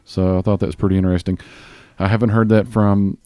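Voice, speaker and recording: A man with a Southern US accent hosting a podcast in casual chat, rambling with fillers and restarts and talking a bit fast. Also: low-pitched, flat delivery, warm tone, clear, resonant tone, no room sound, studio quality. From Southern US (Tennessee). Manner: talks a bit fast on mic. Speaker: podcast host.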